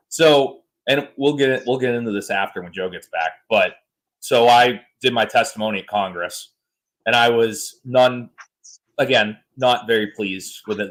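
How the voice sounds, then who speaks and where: A man hosting a podcast in casual chat, joking and animated as he tells stories. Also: on the low side. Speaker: podcast host.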